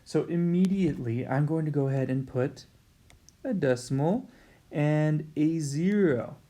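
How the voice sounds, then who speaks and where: This male math teacher has a slightly high, dark-toned voice and an unhurried delivery. Recording a whiteboard lesson, he chats casually, speaks directly to the class, and laughs off his own errors as he works through the problems.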